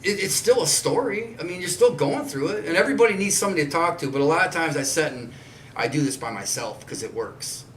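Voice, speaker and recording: A man's voice: a little high, lively intonation, quick pace, a bit bright, slight background noise. A man in his forties, hosting a podcast, talking in a blunt, rambling way and swearing often. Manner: blunt, swears a lot, loose rambling talk. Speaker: podcast host. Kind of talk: casual chat. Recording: roomy and distant with faint ambience.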